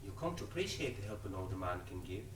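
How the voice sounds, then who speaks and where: An actor playing a sardonic, needling older Irish soldier in a stage play, heard from far off in a roomy theatre. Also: male voice, deep voice, big pitch swings, quick pace. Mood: brooding. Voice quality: wry, theatrical, mocking. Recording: roomy theatre sound from far off, faint noise.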